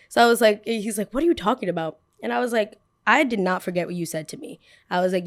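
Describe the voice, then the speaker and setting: A sassy young woman tells a story on her podcast, playing every person in it herself. She has an ordinary, mid-range voice and speaks in an animated, casual way. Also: mid-range voice. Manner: animated, sassy, acts out both sides of a story. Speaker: podcast host.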